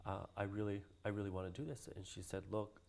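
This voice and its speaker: A man from Hawaii with a fairly low voice tells a personal story in a relaxed interview. He acts out the people he quotes and laughs often. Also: quick pace, creaky. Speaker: guest, Hawaiian cultural practitioner.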